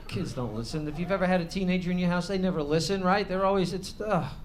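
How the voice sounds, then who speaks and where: A man doing a stand-up comedy set on stage, brash and foul-mouthed, shouting his punchlines. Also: sits high, quick pace, background noise.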